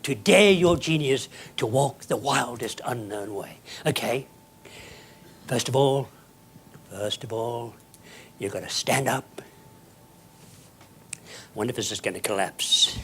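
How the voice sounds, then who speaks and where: A man giving a dramatic, emphatic motivational speech to an audience, with sudden soft drops and loud bursts. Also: medium pitch, measured pace, long pauses, a little hiss or hum. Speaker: keynote speaker.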